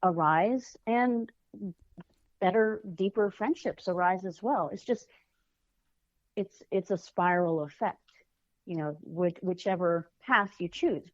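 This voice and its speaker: A woman talks through a story in an easy, casual way and jumps into the voices of the people she quotes. Her delivery is animated and expressive. The recording is dry and a little muffled, like remote call audio. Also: medium pitch, measured pace, long pauses, no echo. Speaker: guest, children's author and life coach. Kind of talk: casual interview chat.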